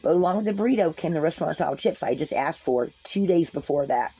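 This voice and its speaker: A woman's voice: deep voice, expressive, quick pace, dark tone, breathy edge. A woman vlogger casually telling a story to her viewers, folksy and rambling, with frequent restarts and asides.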